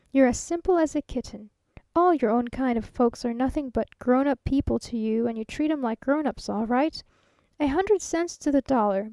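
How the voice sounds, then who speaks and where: A woman's voice: sits high, warm tone, no room sound. A woman voicing a chatty, folksy, fat male traveling salesman near fifty, earnest and talkative.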